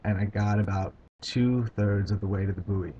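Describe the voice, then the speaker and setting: A man vlogging about his own experience, talking in a halting, hesitant way with many pauses and restarts. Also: on the low side, fairly even intonation, mellow, slight background noise. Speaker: video blogger. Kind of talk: casual personal recount. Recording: dull lo-fi home video sound.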